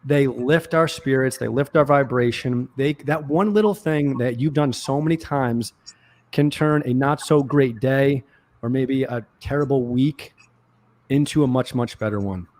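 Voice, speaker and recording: A man, a guest in a casual interview, speaking in a gentle, affirming way. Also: medium pitch, unhurried.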